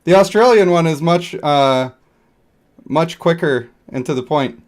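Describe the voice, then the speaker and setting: A male game streamer chatting loosely over his gameplay. His voice sits a bit on the high side, and he rambles and jokes at his own expense. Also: measured pace. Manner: rambling, joking, self-deprecating. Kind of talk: casual live-stream chat over gameplay.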